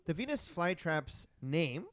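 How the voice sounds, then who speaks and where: A man's voice: a little high, big pitch swings, slow pace, fairly bright tone. A man co-hosting a casual comedy podcast, presenting the topic in a playful, joking way. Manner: playful, jokey, breaks into silly sung bits.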